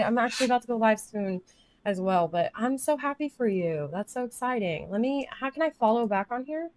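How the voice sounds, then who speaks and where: A woman's voice: fairly high pitch, lively intonation, a little fast, darkish tone. A woman in her thirties, a livestreamer chatting candidly and emotionally about family life, rambling as she reads chat comments aloud. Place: home office.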